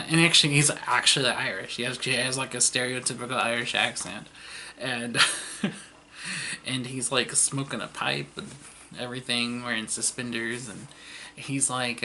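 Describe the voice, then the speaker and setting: A man talking through an old TV series in a loose, rambling vlog, with fillers and chuckles everywhere. His voice sounds bright and forward, at an ordinary middle pitch. Faint noise hums underneath. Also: fairly even intonation, a little slow. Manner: rambling, lots of fillers and laughter. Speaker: vlogger. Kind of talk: casual retelling of a TV series.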